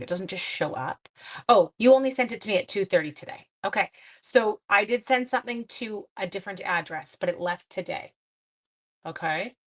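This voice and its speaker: A woman hosting a live card-stamping tutorial, chatting and answering viewer comments as she works, with a chatty, self-deprecating manner. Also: on the low side. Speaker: papercraft demonstrator hosting a livestream.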